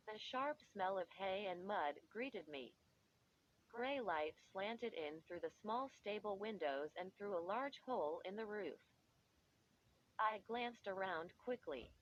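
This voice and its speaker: Female audiobook narrator, unhurried first-person storytelling; dull recording with faint background hiss. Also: medium pitch.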